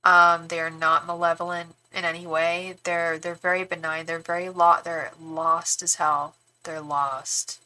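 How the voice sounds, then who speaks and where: A woman's voice: lowish voice, level tone, unhurried, few pauses, pushed and bright. A young woman reading tarot live, talking in a rambling, frank way with casual swearing and many restarts. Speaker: tarot reader and psychic medium.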